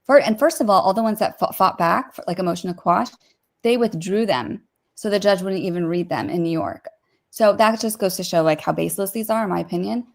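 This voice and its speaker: A woman giving her opinions in a casual commentary chat, peppering her talk with "like" and quick asides. Her voice sits at an ordinary middle pitch for a woman. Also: vocal fry. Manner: opinionated, heavy use of "like", rapid asides.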